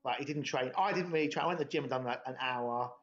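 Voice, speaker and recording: A man's voice: medium pitch, fast talker, a bit bright. A young man, telling a rambling, sweary story in laddish podcast chat. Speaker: podcast host. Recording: dull lo-fi podcast audio.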